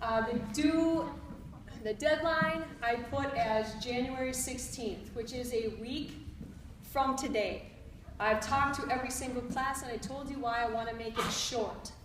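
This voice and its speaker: A woman on the school staff giving firm, explanatory announcements to students. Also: a little high. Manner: firm, explanatory, stresses deadlines. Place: large echoey school gym. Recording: echoey room, distant mic, background noise.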